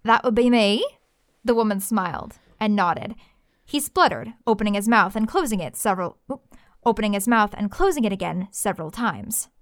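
A woman narrating a fantasy story in a lively, expressive reading. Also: medium pitch, brisk, dry recording, clean studio sound.

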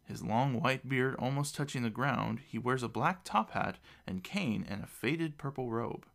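A man narrating a fantasy storybook in an expressive, lively reading voice. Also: medium pitch, a little slow, vocal fry, few pauses.

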